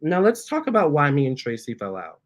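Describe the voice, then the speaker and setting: A man hosting a casual storytime, reading out viewer comments, chatty and animated, often stopping to talk to his cats. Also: a little high, brisk. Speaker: tarot reader and channel host.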